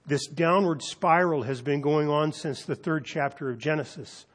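A pastor delivering a sermon. He reads scripture slowly and deliberately, then tells a story with animated emphasis. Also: a little high. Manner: measured, deliberate reading with dramatic pauses; animated storytelling, lifting his voice for quoted students.

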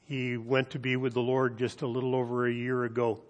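A pastor delivering a sermon. He reads scripture slowly and deliberately, then tells a story with animated emphasis. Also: mid-range voice, lo-fi sound. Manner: measured, deliberate reading with dramatic pauses; animated storytelling, lifting his voice for quoted students.

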